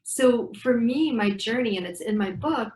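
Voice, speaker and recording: Brief: middle-aged woman breathwork teacher, lively storyteller, recorded in a reverberant room. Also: on the high side, normal speed. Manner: animated storyteller acting out dialogue. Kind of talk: guiding breathing exercises in an interview. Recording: echoey room.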